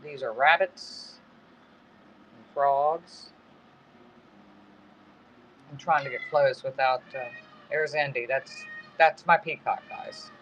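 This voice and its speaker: Slow and given to long pauses, this middle-aged man's mid-range, fairly bright voice keeps a fairly even intonation. He's hosting a live-stream auction at home in the woods, chatting casually and rambling with self-corrections. Audio comes through a dull lo-fi phone stream with faint noise behind it.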